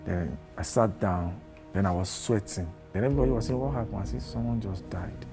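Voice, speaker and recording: A man's voice: lowish voice, a little fast, over music. A Nigerian man telling how he learned of a death, acting out the dialogue he had. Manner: plain narrative, acts out quoted dialogue. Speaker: friend interviewed. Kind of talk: storytelling recollection.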